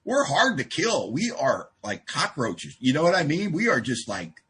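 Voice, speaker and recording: A man's voice: medium pitch, sing-song, moderate pace, a bit bright, breathy edge. A man speaking at a support group meeting, telling a personal story with self-deprecating, wry humor. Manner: self-deprecating, wry, acts out quoted exchanges.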